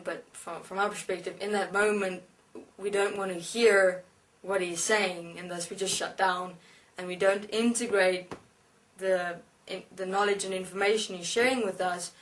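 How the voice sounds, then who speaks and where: A woman giving a spiritual lecture as a channeled being, speaking slowly and deliberately with halting pauses. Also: lowish voice. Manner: slow, halting, deliberate instruction. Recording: voice distant from the mic.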